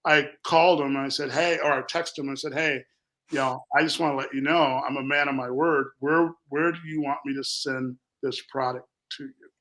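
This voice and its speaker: A man's voice: mid-range voice, fairly quick, rough recording. A man from Minnesota, a company founder, telling a rambling story in a casual interview and acting out what people said. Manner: animated, rambling, acts out quotes.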